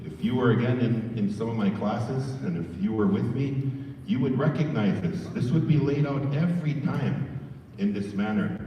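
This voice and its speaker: A man's voice: medium pitch, moderate pace, dark tone. A man giving a folksy training talk to a room of staff, calling them folks. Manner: folksy, addresses the audience as folks. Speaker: presenter. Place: large room full of staff. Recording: roomy hall, far mic, dull.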